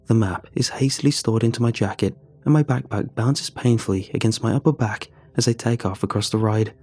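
A man narrating a first-person horror story in a measured, suspenseful reading. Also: fairly low pitch, dark tone.

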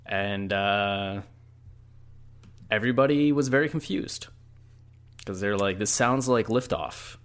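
A man's voice: on the low side, slow pace, long pauses, fairly bright tone, clear, resonant tone. A man co-hosting a podcast in casual joking chat, sardonic and often laughing, trailing off with fillers. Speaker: podcast co-host.

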